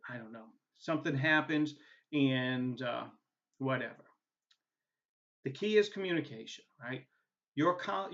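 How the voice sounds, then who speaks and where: Male instructor with a New England accent, somewhat high and bright voice, chatty and informal, dull lo-fi recording. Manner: casual and chatty, tags points with "right?", many "uh" fillers. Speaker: college instructor. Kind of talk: recorded course welcome video.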